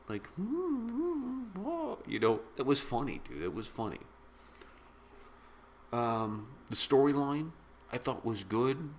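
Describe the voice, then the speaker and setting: A middle-aged man reviewing a movie in a casual, rambling, excitable way, full of slang. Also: fairly low pitch, a little hiss or hum. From of British descent. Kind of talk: casual spoken film review.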